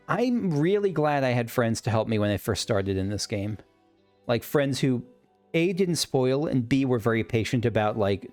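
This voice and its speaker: A let's play host speaks at normal speed in an expressive, medium-pitched, slightly mellow voice while gaming, soft music playing in the background. His casual commentary bubbles with enthusiasm, rambles, and often stops short mid-sentence.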